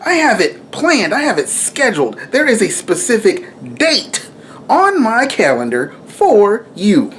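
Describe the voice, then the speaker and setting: A man voicing God as a reassuring figure, speaking in emphatic, drawn-out promises. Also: sits high, huge pitch swings, fairly bright tone, slight background noise, pitched above the performer's own voice, heavily acted.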